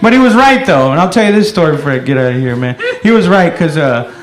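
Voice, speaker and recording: Male stand-up comic, rowdy storyteller, high-pitched, room echo. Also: animated, fast talker, a faint crowd. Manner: rowdy storytelling with loud shouted voices. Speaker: stand-up comedian. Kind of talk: stand-up comedy set.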